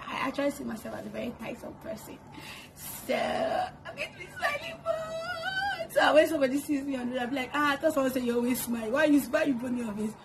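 A woman chatting to camera at home, answering get-to-know-me questions and laughing often. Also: high-pitched. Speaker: vlogger. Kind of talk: casual get-to-know-me chat. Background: kids making noise.

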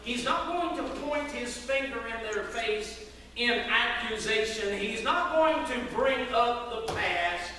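A man's voice: very high-pitched, animated, slow, pushed and bright, slight background noise. A man, preaching a sermon with folksy storytelling. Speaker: pastor. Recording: echoey hall from far off.

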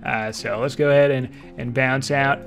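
A young man giving live gameplay commentary, excitable and trash-talking, swinging between low mutters and loud shouts. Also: moderate pace, gravelly, faint music behind. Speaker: streamer playing an online game.

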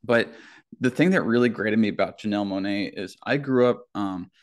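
A young man from North Florida talking in a casual podcast conversation, halting, with many filler words. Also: lowish voice. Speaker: podcast guest or host.

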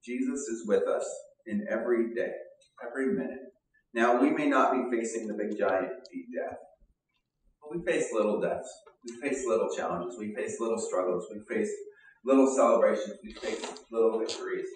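A man giving an earnest, conversational sermon with pauses and fillers, as a pastor. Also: medium pitch. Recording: echoey room, mic at a distance.

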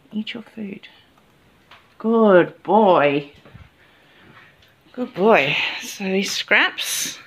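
A young woman talks to her pet parrots in a relaxed, unhurried way, slipping into a doting coo. Her voice sits in a middle pitch, and soft laughs run through her chatter. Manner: cooing and doting, often laughing softly. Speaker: vlogger and pet bird owner. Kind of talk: casual chat to her pet birds.

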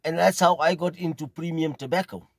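A middle-aged man from South Africa with a South African accent, telling a casual, rambling story at an unhurried pace and often repeating phrases. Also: on the high side, steady tone, dry recording. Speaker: pipe smoking video host.

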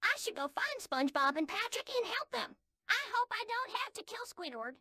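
Gal doing a squeaky cartoon squirrel girl, bright and sharp, swoops around, all earnest. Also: big pitch swings, a little fast, no room sound, studio quality, exaggerated voice.

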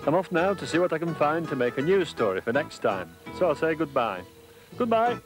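A man telling a children's story, gently and expressively, at a mid pitch. His voice rises and falls in a lively sing-song way, with some music playing behind him. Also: fairly quick. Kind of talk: reading a children's story aloud.

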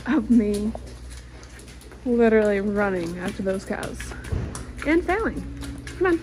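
A woman's voice: medium pitch, lively intonation, slow, pauses often. A young woman on a farm, out of breath and flustered, coaxing loose cows and talking to herself while she films. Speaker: farm vlogger. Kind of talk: casual vlog narration while herding cows. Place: outdoors on a farm, among cows. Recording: noisy outdoor farm recording.

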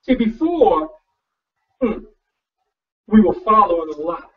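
A male pastor preaches slowly in a high-pitched voice with big swings in pitch. His conversational sermon is loose, folksy and personal, marked by repeated words and restarted sentences. The recording is distant, dull and lo-fi.

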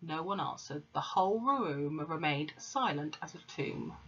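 A woman's voice: sits low, animated, a little slow, fairly bright tone. A woman, a teacher, reading a children's book aloud to her class in a casual way, with fillers and corrected slips. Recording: dull lo-fi recording.

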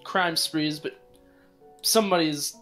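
A man's voice: on the high side, takes it slowly, a bit bright, faint music behind. Man doing a small zealous robed avenger. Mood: indignant. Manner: declaiming, self-righteous accusations. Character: small zealous man in red robes, vengeful.

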